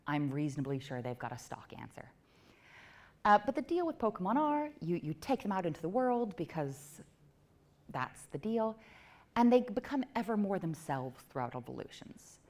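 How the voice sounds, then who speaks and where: A woman giving a talk at a tech meetup, quick with self-mocking jokes and asides to the crowd. Her voice sits a little low but swings widely in pitch. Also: sing-song, darkish tone. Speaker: conference speaker. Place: event venue before a live audience.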